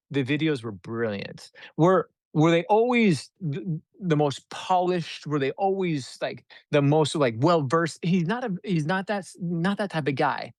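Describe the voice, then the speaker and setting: A man telling a story as a podcast guest, animated and acting out the dialogue he reports. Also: a little high, no room sound. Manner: animated, acts out quoted dialogue. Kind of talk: conversational storytelling.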